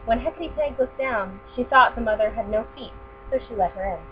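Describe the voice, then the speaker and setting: A woman's voice: fairly high pitch, fairly quick. Casting: woman storyteller reading a picture book aloud, tinny lo-fi with mains hum.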